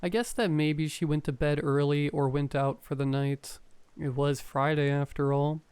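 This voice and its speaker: Brief: male horror narrator, slightly high voice, calm and measured, dry close mic. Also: smooth, no echo. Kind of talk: scripted first-person horror narration.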